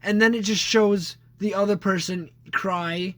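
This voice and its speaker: A young man chats on a casual podcast, rambling and cursing. His voice sits a little high. He trails off and restarts his sentences often. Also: fairly even intonation, unhurried, a bit bright, no room sound. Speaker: podcast co-host. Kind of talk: casual chat.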